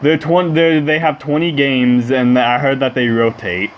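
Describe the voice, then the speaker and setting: A man's voice: medium pitch, steady tone, unhurried, dull audio. Plain-voiced male co-host, blunt and swearing, with a faint hiss in the room. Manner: blunt, profane. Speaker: podcast co-host. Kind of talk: casual gaming chat.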